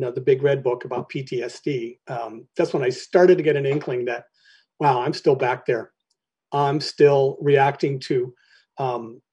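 A middle-aged man telling his personal recovery story to a meeting, halting and candid, often clearing his throat between phrases. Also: mid-range voice, dark tone.

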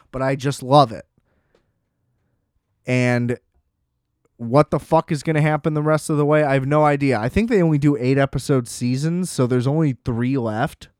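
A man's voice: mid-range voice, moderate pace, pauses often, a little mellow, no echo, clean studio sound. A young man chatting casually on his own, rambling, swearing freely and laughing often. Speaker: solo vlogger. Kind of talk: casual chat.

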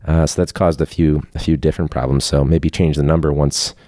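A man with a very low, mellow voice talks through a rambling solo podcast, loose and candid, full of fillers and blunt asides. The sound is dry and close, with no room around him. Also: level tone, brisk, dry recording. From Chicago area. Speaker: podcast host, teacher. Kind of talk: casual solo podcast chat. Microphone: phone hooked up to a video call.

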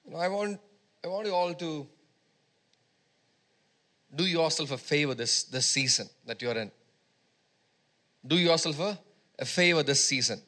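A man delivers a sermon in a church, leading the congregation in call-and-response. His voice sits somewhat high and sounds bright and forceful. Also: measured pace, long pauses. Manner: call-and-response, asks congregation to repeat words. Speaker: pastor. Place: church service.

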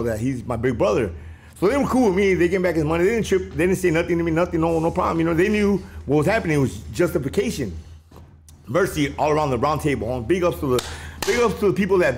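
A man telling stories from his youth in casual street slang, often ending lines with a tag question. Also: fairly high pitch. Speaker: interviewee. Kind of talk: casual storytelling.

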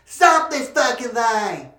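A woman voicing a panicked claustrophobic man trapped in a crowded lift, yelling and swearing. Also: fairly high pitch, very animated, slow pace, full character voice. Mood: panicked shouting. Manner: frantic yelling, profane. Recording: roomy echo.

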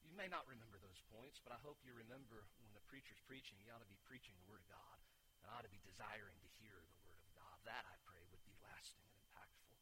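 A man preaching a sermon as pastor, moving from quiet teaching to loud, urgent exhortation and often restarting with repeated words. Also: fairly low pitch, quick pace, noisy background. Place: church sanctuary.

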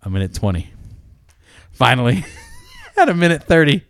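Guy telling a joke, does all the voices, bright and bouncy, dry close sound. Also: wildly swooping pitch, moderate pace, pauses often, no room sound. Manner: acts out characters with big pitch jumps, laughs mid-story. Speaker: podcast co-host telling a joke.

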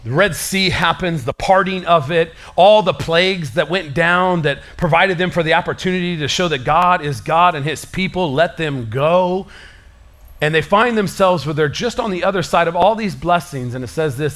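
A male pastor delivers a sermon in a lively, conversational way, full of casual slang. His voice sits a little on the high side for a man. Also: normal speed.

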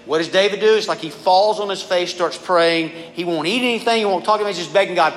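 A man's voice: high-pitched, quick pace, few pauses. A man preaching a conversational sermon, reading scripture and talking informally to a youth group. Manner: casual, animated preaching, often addresses listeners as "guys". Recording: reverberant hall with faint background noise.

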